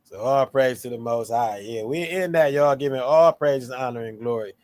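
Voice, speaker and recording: Animated slangy man with a dry close sound. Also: medium pitch, normal speed, dry recording. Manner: animated, slangy, playful tones when quoting. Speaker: co-host of a scripture show. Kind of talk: casual religious discussion.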